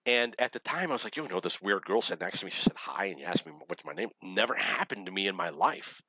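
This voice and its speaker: A man's voice: low voice, expressive, fast talker, pushed and bright, husky, dry recording. A middle-aged man telling rambling personal stories in a blunt, opinionated way, laughing at his own memories. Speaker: vlogger telling dating stories.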